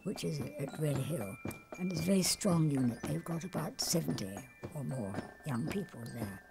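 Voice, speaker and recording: A woman's voice: deep voice, animated, normal speed, vocal fry, music in the background. An older woman, president of a cadet unit, speaking expressively in a documentary interview.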